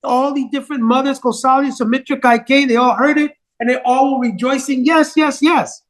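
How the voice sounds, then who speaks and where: A man retells a devotional epic to a gathered audience, animated and stopping to ask them questions. His speaking voice sits high for a man. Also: a little fast. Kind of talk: devotional storytelling talk.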